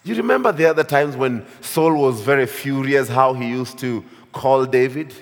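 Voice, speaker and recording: A man's voice: mid-range voice, normal speed. A man explaining scripture as a Bible teacher, speaking with emphasis and chuckling now and then. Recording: long hall reverb.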